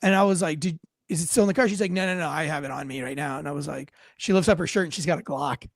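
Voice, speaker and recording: A man with a fairly high voice chats casually on a livestream, rambling through stories and swearing freely as he acts out other people's lines. The sound is dry and close, with no room around it. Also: fast talker, vocal fry, dry recording. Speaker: host, former police officer.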